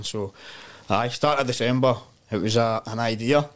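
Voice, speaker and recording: A man's voice: medium pitch, normal speed. A Scottish man, a podcast guest, telling stories in casual chat and laughing often. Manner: animated storyteller, laughs often.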